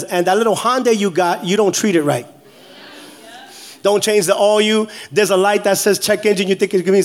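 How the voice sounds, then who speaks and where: A pastor in his forties preaches in a high, bright-pitched voice. He jokes with the congregation and shouts his declarations with energy. He is from New York. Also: normal speed. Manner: animated, joking, shouting declarations. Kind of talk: energetic sermon.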